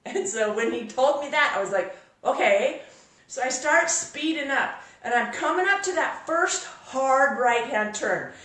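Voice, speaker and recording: A woman giving a workshop talk to a live audience, telling a story in a lively, exclamatory way. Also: high-pitched, unhurried. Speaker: workshop speaker. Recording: echoey room, voice from far off.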